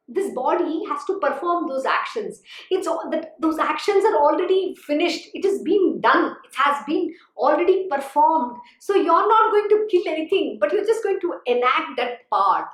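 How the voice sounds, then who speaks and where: A woman's voice: sits high, sing-song, moderate pace. A woman spiritual teacher giving a devotional discourse, earnest and exhorting, often saying "you know". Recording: echoey room.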